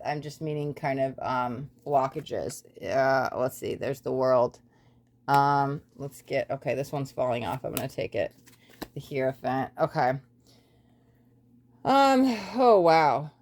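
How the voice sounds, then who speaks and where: A woman with a slightly low voice talks through a tarot reading in a loose, casual way. She rambles, repeats herself in lists and stops often to apologise. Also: darkish tone. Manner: rambling, repetitive lists, frequent apologetic asides. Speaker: tarot reader.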